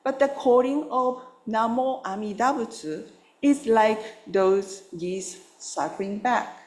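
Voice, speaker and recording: Woman minister giving a slow gentle dharma talk, roomy echoey hall. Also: on the high side. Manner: gentle, unhurried storytelling with fillers. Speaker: Buddhist minister.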